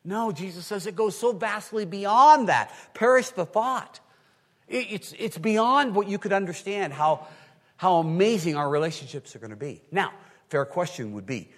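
A male pastor preaching a sermon, swinging from quiet asides to loud emphatic lines and acting out his listeners' reactions. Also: sits high, lively intonation, normal speed. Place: large hall with an audience. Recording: long hall reverb.

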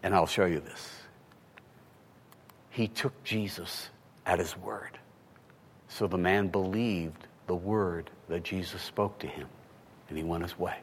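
A man preaching a sermon, animated, asking rhetorical questions and swinging from hushed tones to loud. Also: low voice, slow pace, long pauses, husky. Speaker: pastor. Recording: long hall reverb.

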